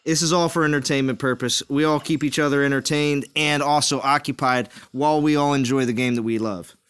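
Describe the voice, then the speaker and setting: A man's voice: mid-range voice, fairly even intonation, brisk, fairly bright tone, clean tone. A man hosting a game livestream, talking casually in an upbeat, reassuring way with repeated words. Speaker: livestream host. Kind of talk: casual chat.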